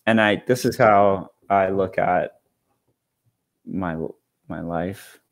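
Guest spot: deep-voiced man, rambling casual chat, swears, video call. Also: takes it slowly. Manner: rambling, swears freely, many fillers.

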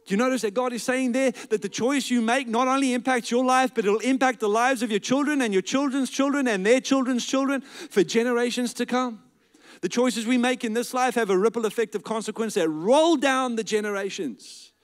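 A man with a notably high voice preaches a sermon to a church congregation. He stacks repeated phrases into an emphatic rhythm, then falls to a soft, low voice to stress key words. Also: brisk. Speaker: pastor. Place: church service with a live congregation.

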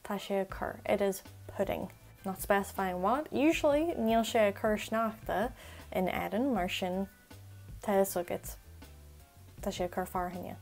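Chatty woman tutor, gravelly voice. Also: medium pitch, darkish tone, soft background music. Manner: quick, chatty explanations with slow, repeated example phrases. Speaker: Irish language tutor. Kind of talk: casual spoken language lesson.

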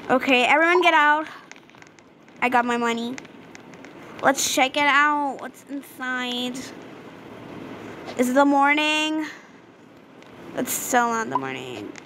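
A high-pitched woman talks through a video game in a relaxed, unhurried way, chatty and prone to excited outbursts as she reads the characters' lines aloud. A steady hiss of background noise sits under her voice. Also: rough recording. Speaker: gaming video creator. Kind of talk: casual gameplay commentary.

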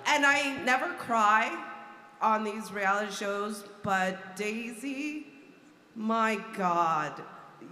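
Gushing woman fan, slow and bright. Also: mid-range voice, expressive. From Toronto, Canada. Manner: gushing, emotional, laughs often. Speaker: audience member asking a question. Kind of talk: live panel audience question. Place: large convention hall. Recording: echoey hall from a distance.

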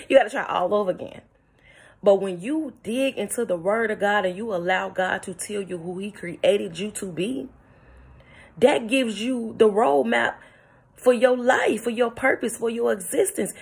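Gravelly, husky-voiced woman preaching motivation. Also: a little high. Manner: preachy, emphatic, laughs often. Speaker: vlogger. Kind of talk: motivational morning talk. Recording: phone-recorded vlog.

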